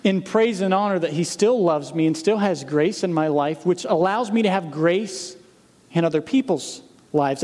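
A man preaching as a pastor, speaking earnestly to his congregation and reading scripture slowly with emphasis. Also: high voice, darkish tone. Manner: earnest, direct appeals to the congregation. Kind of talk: sermon. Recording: long hall reverb.

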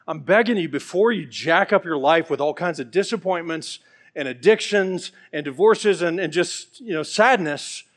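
Earnest man preaching a sermon. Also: a little high. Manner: earnest and pleading, with storytelling asides.

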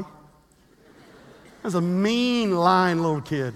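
A pastor in his fifties preaching a sermon with animated storytelling, acting out the quotes he tells. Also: sits high, takes it slowly, long reverb tail.

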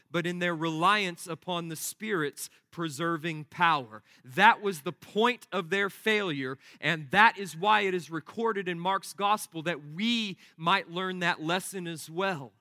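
A man's voice: sits high, pushed and bright, dry recording, studio quality. A man preaching a sermon, emphatic and exhorting, with repeated driving phrases. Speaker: pastor.

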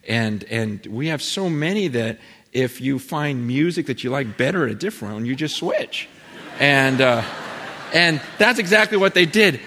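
A man preaching a sermon, telling a story in a lively way and acting out the people he quotes, with lots of fillers. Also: a little high. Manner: animated storytelling, acts out quotes, many fillers. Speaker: pastor. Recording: long hall reverb.

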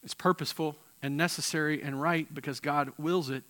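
Guy preaching a sermon, bright higher voice, gets loud then drops real quiet, repeats himself a lot. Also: steady tone, brisk. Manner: impassioned, swings from loud emphasis to quiet intensity; repeats words and restarts mid-phrase. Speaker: pastor.

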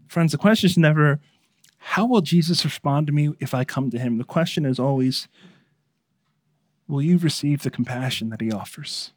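A man preaching a sermon as pastor, earnest, moving between hushed, intimate lines and emphatic ones. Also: on the high side, moderate pace, no room sound.

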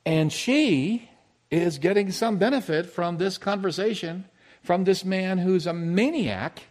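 Here a male pastor with a high voice takes an unhurried pace through a sermon built around a personal story, alternating booming emphasis with soft, intimate stretches.

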